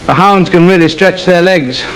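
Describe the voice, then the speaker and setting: A man's voice: high voice, moderate pace, background noise. A man doing a pompous, fussy, self-pitying gent. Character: pompous suburban man with a fussy, indignant temper. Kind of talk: AI-voiced comedy sketch.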